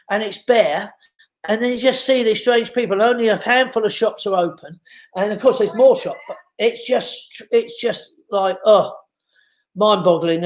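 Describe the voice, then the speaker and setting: A man hosting a casual live stream from his home, chatting, laughing and reading out viewers' names and greetings. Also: sits high. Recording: echoey room.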